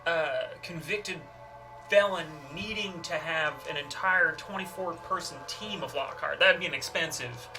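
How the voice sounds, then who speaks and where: A man playing a tabletop game, talking in character as a smooth, persuasive hustler with frequent fillers. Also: on the high side, measured pace, over music. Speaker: player.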